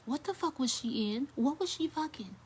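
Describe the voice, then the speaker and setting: A young adult woman telling a blunt, crude story to her viewers in a casual, animated way. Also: high voice, moderate pace, a little hiss or hum. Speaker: storyteller vlogger.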